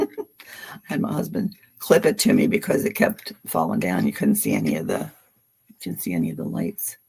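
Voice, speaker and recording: Gravelly, husky woman in her seventies. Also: very deep voice, huge pitch swings, moderate pace, a little mellow. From Philadelphia, USA. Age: 70s. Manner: chatty, rambling, laughs often. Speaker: tarot reader hosting a livestream. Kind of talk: casual livestream chat.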